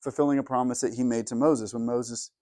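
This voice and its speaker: A man preaching a teaching sermon as pastor, chatty and casual, often asking "right?" and rising loud and high for emphasis. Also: steady tone, fairly quick, no echo, clean studio sound. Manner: casual, conversational, frequent "right?" and "like". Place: church hall.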